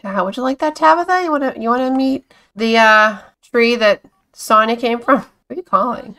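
A woman's voice: fairly high pitch, normal speed, sharp tone. A woman giving casual gameplay commentary, chatting to her game characters, exclaiming and giggling often. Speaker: gameplay streamer.

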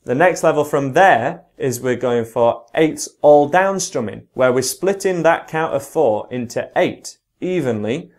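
A British man teaching guitar, explaining strumming and slowly counting the beats aloud. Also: medium pitch, expressive. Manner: counts along in a slow, drawn-out voice. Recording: guitar playing loudly behind the voice. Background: his own guitar playing.

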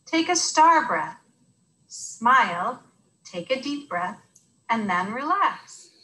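A woman voicing a calm, patient mother soothing her daughter in a children's story. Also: on the high side, takes it slowly, heavily acted, poor audio.

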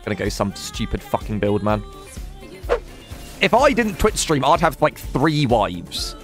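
A man's voice: medium pitch, big pitch swings, unhurried, fairly bright tone, faint music behind. A young man streaming a video game, commentating casually, swearing and laughing as he talks to chat and teammates.

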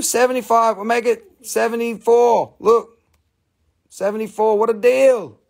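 A man's voice: very high-pitched, steady tone, unhurried, gravelly, a little mellow. A man hosting a live stream selling stones, joking and teasing his viewers as he calls out prices, with slightly broken phrasing. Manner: joking, teasing banter while calling prices. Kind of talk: live sales stream chat.

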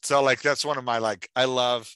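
Bright-voiced, enthusiastic man hosting a chat. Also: mid-range voice, steady tone, moderate pace, clear, resonant tone, no room sound. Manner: enthusiastic, chatty, lots of "like". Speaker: podcast host giving writing feedback. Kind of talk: casual chat.

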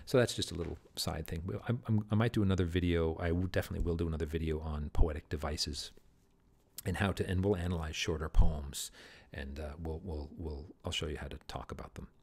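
Low gravelly man explaining a play. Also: darkish tone. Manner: chatty, self-correcting, reads quotes aloud with emphasis. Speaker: teacher. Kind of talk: casual literature lesson.

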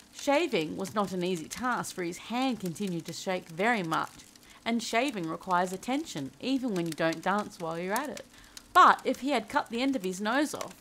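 Soft-spoken woman reading a bedtime story. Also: mid-range voice, a little hiss or hum, poor audio. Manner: soft, gentle reading with voiced character lines.

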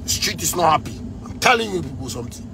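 A man in his thirties with a Ghanaian accent, ranting angrily at the president, repeating himself and breaking into shouts. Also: on the high side, very animated, fast, creaky, background noise. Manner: heated, repetitive, bursts into shouting. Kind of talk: angry rant addressed to the president.

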